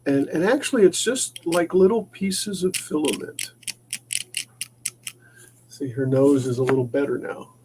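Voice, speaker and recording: A man's voice: a little high, a little slow, pauses often, darkish tone, a little hiss or hum. A man hosting a casual livestream from his maker shop, rambling and often repeating and restarting his words. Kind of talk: casual livestream chat while working.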